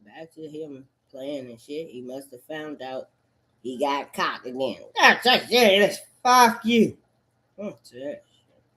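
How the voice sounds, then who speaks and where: A woman in a rambling, profane rant, repeating curses and jumping between loud outbursts and low mutters. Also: expressive, takes it slowly. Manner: erratic, repetitive, swearing constantly, swinging between shouts and mutters. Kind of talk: profane stream-of-consciousness rant.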